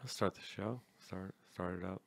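A man's voice: low voice, normal speed, vocal fry. A man who produces a comedy podcast, chatting in a laid-back way and trailing off into mumbled asides. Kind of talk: casual podcast banter.

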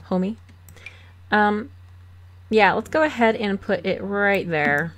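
A woman hosting a game let's play, chatting casually with quick laughs and sarcastic asides, recorded on a desk microphone at home. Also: medium pitch, animated, no room sound. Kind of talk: casual gameplay commentary.

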